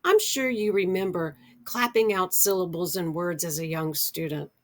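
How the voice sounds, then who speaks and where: A middle-aged American woman explaining early literacy skills, speaking deliberately and drawing out her example words. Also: on the low side. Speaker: literacy educator. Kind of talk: instructional explainer.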